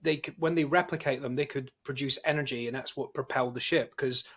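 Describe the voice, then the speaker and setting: A man's voice: medium pitch, fast talker, husky. A man talks through a film with his co-host in an easygoing, conversational tone. His voice sits in a plain middle register. He rambles comfortably through favourite scenes, as in casual podcast chat. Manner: relaxed, conversational, recounts scenes with quotes. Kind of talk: casual movie review chat.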